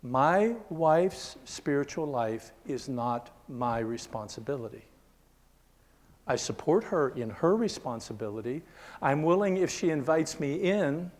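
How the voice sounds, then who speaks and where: Speaking with a medium-pitched voice, an older man delivers an earnest, conversational sermon to a Christian seminar. He checks in with his listeners regularly and slips into a hushed whisper for his stories.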